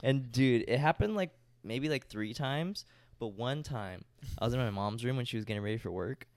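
A man's voice: medium pitch, normal speed, no echo. A young man hosts a casual podcast chat, his voice swinging up and down with lots of expression. He jokes freely, and the recording is dry and close. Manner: expressive, joking, laughs easily. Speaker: podcast host.

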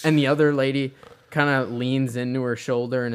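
A man's voice: medium pitch, fairly even intonation, brisk, clean tone. A young man co-hosting a podcast, telling a story animatedly in casual chat, acting out quotes and swearing casually. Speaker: podcast co-host.

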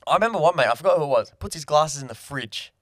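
A young Australian man co-hosting a podcast in casual chat, telling stories with lively acted-out exclamations. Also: on the high side, fast, no room sound, clean studio sound. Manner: animated storytelling, acts out his own shouts. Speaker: podcast co-host.

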